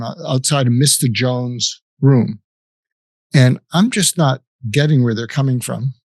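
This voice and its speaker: An older man who works as a psychiatrist recounts a personal story in an interview, reflective and halting, often restarting his sentences. His mid-range voice is a little mellow, and the recording is dry.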